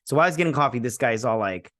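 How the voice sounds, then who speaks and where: A man hosts a casual episode review, recapping scenes in a loose, offhand way full of "um"s and side comments. His pitch sits in the middle of the range. The recording is dry and close, with no room echo. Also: animated, racing, fairly bright tone. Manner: rambling, offhand, many fillers and asides. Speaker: host.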